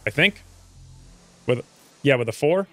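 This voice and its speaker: A man's voice: unhurried, soft background music. A man with the hiccups giving casual commentary over his own gameplay, muttering his moves and then yelping when things go wrong. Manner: excitable, jumps between calm muttering and high yelps. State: has the hiccups. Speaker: let's play gamer.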